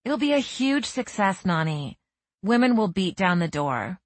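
A woman's voice: mid-range voice, big pitch swings, measured pace, no room sound. A woman doing an eager, upbeat sister. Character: enthusiastic sister, confident businesswoman.

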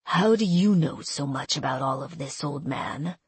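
Brash, impatient, demanding character in an audiobook, read by a woman narrator; husky and dry. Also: low-pitched, normal speed, dry recording. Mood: puzzled. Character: brash, rude person, impatient with an old man.

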